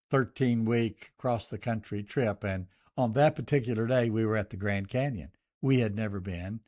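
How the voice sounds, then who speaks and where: An older man with a Southern US accent hosting a radio show. He gives a reflective commentary and a prayer in a measured, listing cadence. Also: lowish voice, a little mellow. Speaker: radio host.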